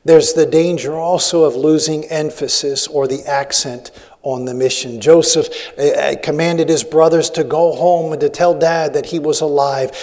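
A man's voice: fairly high pitch, darkish tone. A man preaching a sermon as a missionary, telling stories in a rambling way with many restarts. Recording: long hall reverb.

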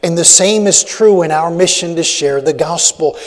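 A man's voice: a little high, moderate pace. A man preaching a sermon as a missionary, telling stories in a rambling way with many restarts. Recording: long hall reverb.

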